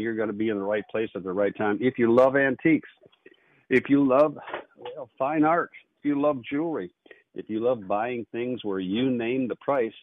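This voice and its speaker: A man hosting a call-in radio show with fast, upbeat auctioneer patter. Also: medium pitch, a little hiss or hum. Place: radio studio. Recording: phone-like narrow band.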